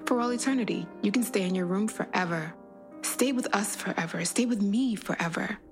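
A woman voicing a calm, possessive, sinister man in a read horror story, speaking softly and coaxingly, with music behind. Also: mid-range voice, a little fast, natural voice.

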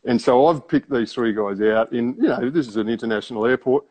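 A man's voice: medium pitch, a little fast, a little mellow. Wry Australian man telling a story. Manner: wry, conversational, full of asides. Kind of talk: casual spoken storytelling.

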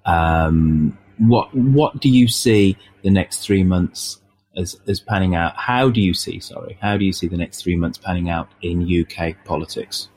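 Deep-voiced male host, halting. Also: a little mellow, breathy edge. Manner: halting, many fillers. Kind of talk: political discussion.

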